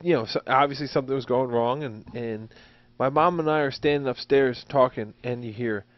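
A man's voice: mid-range voice, fairly quick. A man co-hosting a podcast, telling a rambling, chuckling story in casual chat. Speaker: podcast co-host. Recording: dull, dry lo-fi recording.

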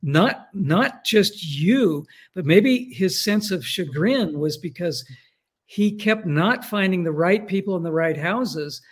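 Husky high-voiced man, thoughtful. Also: animated, slow pace. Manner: thoughtful, repeats words while forming thoughts. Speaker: astrology guest. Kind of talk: casual chat.

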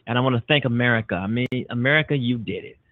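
A man's voice: medium pitch, rapid-fire, no room sound. A man hosting a political talk radio show, delivering emphatic, repetitive, punchy declarations. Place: Chicago-based internet radio show. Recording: tinny phone-like line, dry.

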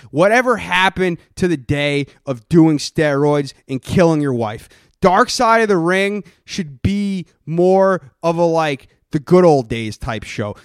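A man's voice: fairly high pitch, no room sound, clean studio sound. A man hosting a comedy podcast in character, ranting aggressively and swearing constantly. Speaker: podcast host.

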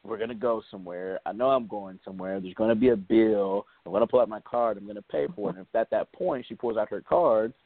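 A man in casual podcast chat, giving measured, reflective opinions. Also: on the low side, no echo. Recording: tinny phone-like sound.

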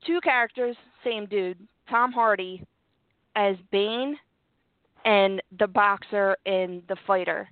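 Co-host, female, from Philadelphia, lively and giggly, heard over a thin phone-like line. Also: mid-range voice, dry recording. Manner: animated, laughs often, chatty. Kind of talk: casual chat. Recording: tinny phone-like line, dry.

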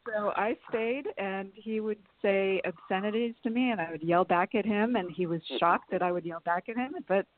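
A woman's voice: mid-range voice, moderate pace, hardly any pauses. A woman being interviewed, telling long personal stories in a chatty way and laughing often. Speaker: interview guest. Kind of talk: storytelling in a phone interview. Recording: phone-line sound.

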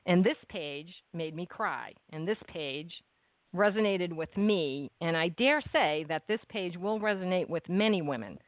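A woman interviewer speaking in a measured, earnest way as she gives careful praise. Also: on the low side, lively intonation, no echo. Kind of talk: interview, reading a poem aloud. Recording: tinny phone-like line, dry.

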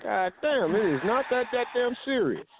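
A man on a radio talk show, stepping in bluntly and with profanity to calm an argument. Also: extremely high pitch, moderate pace, background noise. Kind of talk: casual chat. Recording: dry, tinny phone-like audio.

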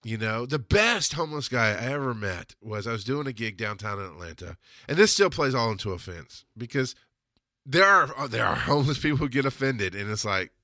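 Profane ranting man, bright dry voice. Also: medium pitch, sing-song, brisk, no echo. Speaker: podcast host. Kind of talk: solo podcast monologue.

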